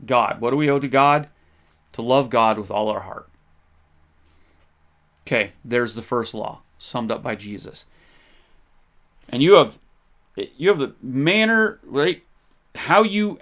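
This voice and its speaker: A man hosting a faith podcast, talking in an impassioned, conversational way with frequent restarts. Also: a little high. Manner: impassioned, gets fired up. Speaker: podcast host. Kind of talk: faith-based history commentary.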